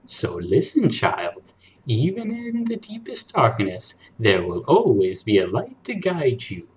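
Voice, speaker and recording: A man voicing a gentle old grandmother who slowly tells a storybook legend. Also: mid-range voice, wildly swooping pitch, muffled recording. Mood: solemn. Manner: slow, soft storytelling cadence.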